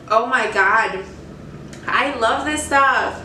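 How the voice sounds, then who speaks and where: A young woman with a high, bright voice chats her way through a snack-tasting vlog, easily excited and gushing over what she tries. She talks slowly and sits a bit back from the mic in a roomy space. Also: far from the mic, slight background noise. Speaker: vlogger. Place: room at home.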